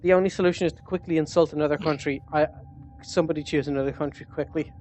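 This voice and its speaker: A man's voice: a little high, fairly even intonation, very fast, a little mellow, a little hiss or hum. A man from Ireland hosting a gaming livestream, joking and rambling in casual chat. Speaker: streamer.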